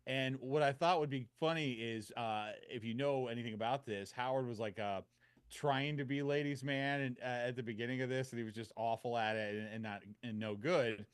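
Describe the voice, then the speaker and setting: A man co-hosting a podcast, pitching an idea in casual chat, with many pauses and fillers. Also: steady tone, clean tone, no echo. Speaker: podcast co-host.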